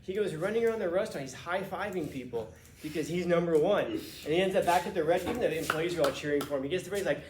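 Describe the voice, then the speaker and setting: A man teaching a class, telling a casual, animated story with restarts and laughs. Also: on the high side, rapid-fire, roomy sound, slight background noise.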